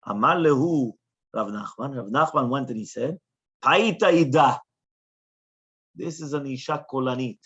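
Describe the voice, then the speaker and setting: A man, a rabbi, teaching a Talmud class in an animated way, often checking in with questions. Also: mid-range voice, normal speed, breathy edge. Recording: dull lo-fi recording.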